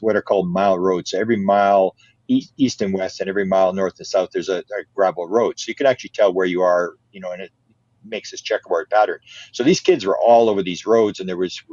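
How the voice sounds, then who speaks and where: Older male guest, lowish voice, lively storyteller, dry and slightly muffled sound. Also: dry recording. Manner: animated, repeats words, laughs often. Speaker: interview guest. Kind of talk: casual storytelling.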